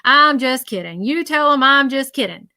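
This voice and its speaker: A teasing male spirit, as a woman medium relays him, cracking a joke with a chuckle. His voice jumps noticeably high and lively while he jokes. It is a playful, light-hearted delivery. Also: moderate pace, exaggerated voice. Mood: joking. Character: laughing, joking spirit of a man.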